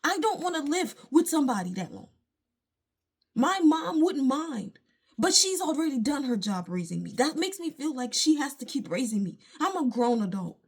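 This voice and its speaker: A high-pitched woman, ranting straight into her phone at home. She talks emphatically and in exasperation, with quick appeals to faith. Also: sing-song. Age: late 20s. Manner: frustrated, emphatic ranting with religious asides. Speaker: vlogger. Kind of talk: venting straight to camera. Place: at home, indoors.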